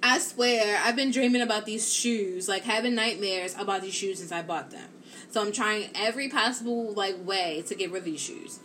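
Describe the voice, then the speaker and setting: A woman chatting live to her viewers in a loose, rambling storytelling way, full of "like" and "or whatever." Her voice sits at an ordinary middle pitch. A faint room hum stays underneath her. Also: normal speed. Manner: rambling and animated, heavy use of "like" and "or whatever". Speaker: live-stream host.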